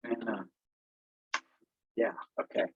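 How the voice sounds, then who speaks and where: A man's voice: very slow, a little hiss or hum. A man giving a casual, impassioned and sarcastic livestream briefing as an election integrity activist, talking from an office through a headset. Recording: muffled headset audio.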